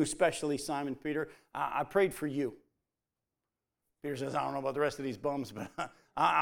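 A man's voice: medium pitch, a little fast, vocal fry, a bit bright. A man preaching a sermon, telling the story and acting out the quoted lines as dialogue.

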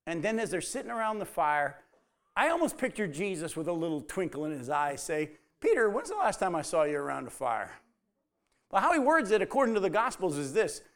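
A man's voice: fairly high pitch, sing-song, brisk, creaky. A man preaching a sermon, telling the story and acting out the quoted lines as dialogue.

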